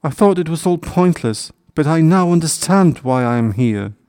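A man's voice: medium pitch, lively intonation, takes it slowly, dark tone, no room sound, studio quality. A man voicing a young male hedgehog in a storybook, earnest and emotional, speaking in a raised, pleading voice. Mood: tearful.

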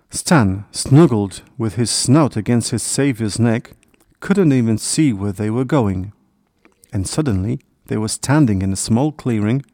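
A man calmly narrating a children's storybook in a measured reading. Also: on the low side, no room sound, clean studio sound.

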